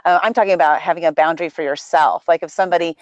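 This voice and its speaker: A woman's voice: on the low side, fairly even intonation, very fast, no room sound. Plain-spoken woman on dull call audio. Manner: direct, matter-of-fact. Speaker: co-host. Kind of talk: casual panel chat on a call. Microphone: video call.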